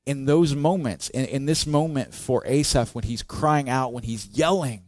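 A male pastor, medium-pitched and speaking at a normal pace, gives a conversational sermon with no room sound in the recording. He asks the congregation questions and acts out the psalmist's cries expressively, his voice rising.

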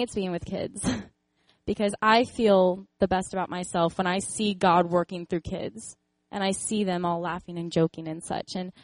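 A young woman speaks in an earnest, encouraging way, telling a personal faith story with laughs and quick acted-out voices. Her voice sits at a mid pitch. The recording is dry and close, with no room sound. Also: no room sound. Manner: animated storytelling, acts out voices in quotes. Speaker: speaker sharing a faith testimony.

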